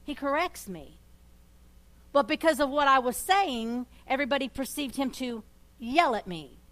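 A woman co-leading a church talk, telling personal stories in a halting way with many restarts. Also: high-pitched, a bit bright. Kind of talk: sermon conversation.

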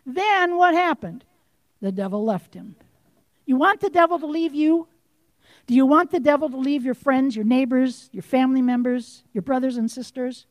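A woman preaching a sermon, impassioned and direct, firing questions at her listeners and rising to forceful outbursts. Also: sits high, normal speed, no echo.

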